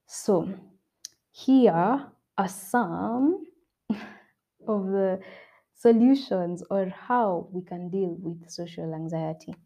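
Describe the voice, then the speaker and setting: A young woman speaks directly to her listeners in a motivational self-help talk, earnest and encouraging. Her voice is mellow and soft-edged, and she leans on repetition to drive each point home. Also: mid-range voice, extremely slow, long pauses. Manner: earnest, repeats points for emphasis. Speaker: podcast host.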